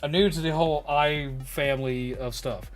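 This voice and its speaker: A man streaming live, telling a story casually and excitedly, cursing freely and using lots of fillers. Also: fairly high pitch, normal speed, faint music behind. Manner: excitable, swears a lot, many fillers.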